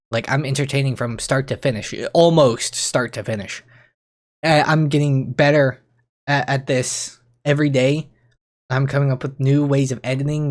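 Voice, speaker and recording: A young man talking casually to camera as a streamer, rambling and excitable, often restarting his sentences and jumping in pitch when he gets worked up. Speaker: streamer and YouTuber. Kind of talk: casual vlog monologue.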